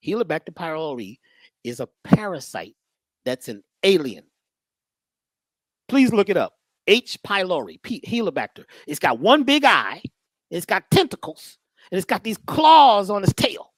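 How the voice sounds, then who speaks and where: A woman giving a casual lecture, conversational and animated, acting out the people in her stories. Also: fairly low pitch, moderate pace, no echo. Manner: conversational, animated, acts out voices.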